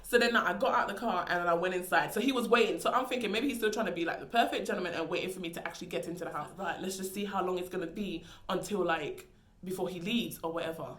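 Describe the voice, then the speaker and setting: A young woman vlogger telling a story in an animated, dramatic way, with casual slang. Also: lowish voice, quick pace, roomy sound, slight background noise. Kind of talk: storytime vlog.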